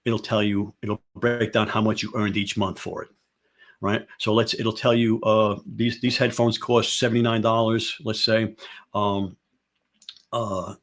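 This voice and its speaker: A man's voice: lowish voice, flat delivery, unhurried, fairly bright tone. A man hosting a casual talk show, giving emphatic advice and repeating rhetorical questions again and again. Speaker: show host.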